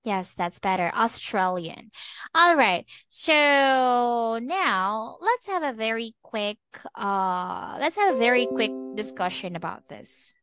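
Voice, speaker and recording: A woman English teacher giving a slow, patient online lesson over a video call. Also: on the high side, very animated, fairly bright tone, clean tone, no echo, faint music behind.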